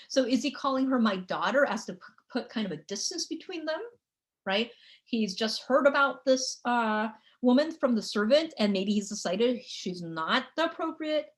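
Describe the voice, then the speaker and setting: A woman with a slightly high voice records a lecture for a video lesson. She thinks aloud as she goes, padding her sentences with "um" and ending many of them with a questioning "right?". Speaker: teacher.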